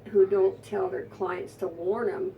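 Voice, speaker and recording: A woman's voice: mid-range voice, fairly even intonation, measured pace, gravelly, distant mic, muffled recording, a little hiss or hum. A woman psychic telling an emotional, rambling story in a conversational interview, often restarting her sentences.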